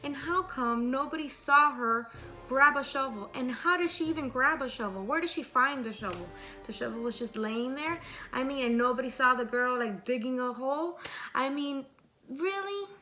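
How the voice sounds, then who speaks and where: A middle-aged woman telling a scary story in a chatty, lively way, stopping to ask rhetorical questions. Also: high-pitched, normal speed, soft background music.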